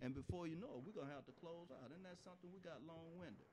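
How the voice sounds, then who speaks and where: Folksy, animated preacher man. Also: fairly high pitch, fast, slight background noise. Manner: folksy, animated, laughs often, talks to the congregation. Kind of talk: informal sermon.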